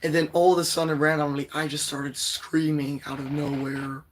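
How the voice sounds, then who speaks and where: A teenage boy with a hoarse, strained voice, chatting loosely with viewers on his livestream and clearing his throat often. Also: fairly high pitch, flat delivery, normal speed, a little hiss or hum. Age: teens. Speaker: livestream poetry host. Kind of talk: casual livestream chat.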